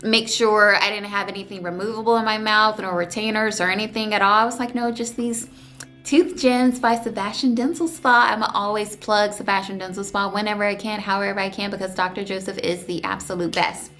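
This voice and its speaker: Talking fairly quickly over soft background music, a young woman with a medium-pitched voice vlogs casually about her surgery. It's an emotional retelling, tearful at moments as she holds back crying, and full of animated voiced quotes.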